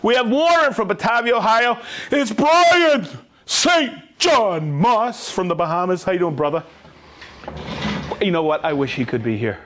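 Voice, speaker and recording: A man's voice: high-pitched, expressive, measured pace, fairly bright tone. A man hosting a live stream, reading out viewers' names and hometowns in an upbeat way with whoops. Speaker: livestream host.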